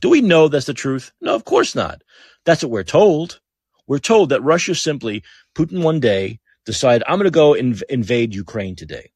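Heated, husky-voiced male podcast host. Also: mid-range voice, dry recording, clean studio sound. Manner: heated, blunt, swears, repeats phrases for emphasis. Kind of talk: political commentary rant.

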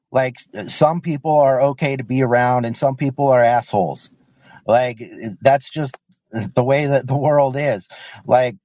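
A man calling in to a podcast debate, talking haltingly and filling his sentences with "um" and "like". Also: mid-range voice, mellow, dry recording, dull audio. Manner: hesitant, halting, lots of "um" and "like". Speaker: caller.

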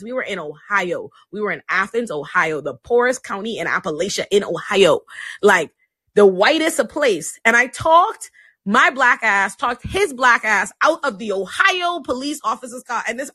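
A woman's voice: medium pitch, husky, no room sound, studio quality. A woman in her thirties hosting a podcast, telling a painful personal story in a candid, profane way and acting out what people said. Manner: candid, animated, profane, acts out quoted speech. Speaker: podcast host.

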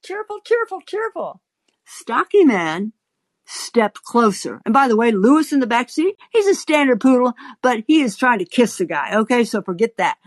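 An older woman, an advice columnist hosting her show, telling a wry, animated story to her listeners with many asides. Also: fairly high pitch, normal speed, no echo. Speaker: advice columnist and podcast host.

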